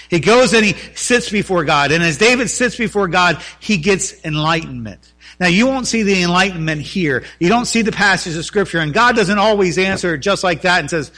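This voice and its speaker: A man preaching a sermon, reading scripture and explaining it with animated asides. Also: high voice, brisk. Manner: animated preaching, voices biblical figures in quotes. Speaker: pastor.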